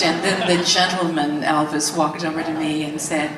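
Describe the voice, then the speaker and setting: A woman, telling a candid story in an interview, animated, laughing often and acting out the quotes. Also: lowish voice, moderate pace. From Tennessee, US. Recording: roomy, distant mic, faint background hiss.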